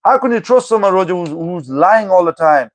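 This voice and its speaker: Exasperated high-voiced man. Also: lively intonation, brisk, slight background noise. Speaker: livestreamer answering chat. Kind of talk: live chat reading and replying.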